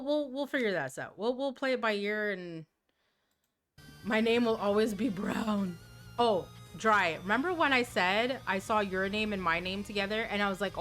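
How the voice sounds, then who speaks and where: A woman's voice: medium pitch, fairly bright tone. Female live-streamer, casual and chatty, stumbles into restarts, mid-range voice. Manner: playful, chatty, often repeats words as she restarts. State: tired.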